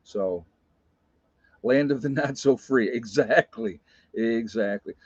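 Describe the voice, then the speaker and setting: A man in his fifties slowly tells a personal story in a mid-range, slightly mellow voice, rambling casually with plenty of "you know" and restarts. The recording is dry and slightly dull, with no room sound.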